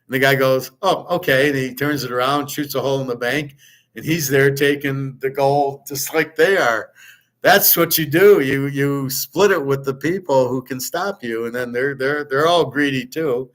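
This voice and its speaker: A man's voice: medium pitch, fairly even intonation, moderate pace, a bit bright. A middle-aged man hosting a show, rambling through a sarcastic, opinionated monologue with frequent restarts. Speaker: host.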